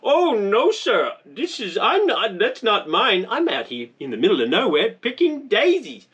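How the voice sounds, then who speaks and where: A man's voice: sits high, wildly swooping pitch, unhurried, fairly bright tone, breathy edge, distant mic, dull audio, pitched above the performer's own voice, exaggerated voice. A man putting on the voice of a nervous man under questioning who denies everything, in a protesting, flustered manner.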